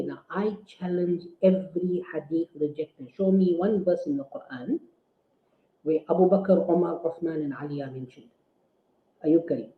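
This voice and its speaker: A man, an Islamic scholar, delivering a forceful, indignant rebuttal full of rhetorical questions. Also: high voice. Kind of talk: preaching rebuttal. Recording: tinny phone-like audio in an echoey room.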